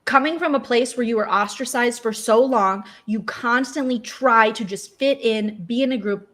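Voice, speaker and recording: A woman guest on a casual recap chat, effusive and quick to get emotional. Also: on the high side, fairly bright tone. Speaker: guest co-host.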